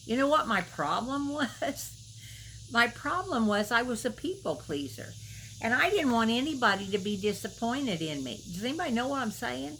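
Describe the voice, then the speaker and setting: A woman's voice: on the high side, very animated, moderate pace, bright, forceful tone, a little hiss or hum, rough recording. A middle-aged woman giving a devotional talk to camera in a folksy, storytelling way, with emphatic questions to the viewer. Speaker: Christian video minister.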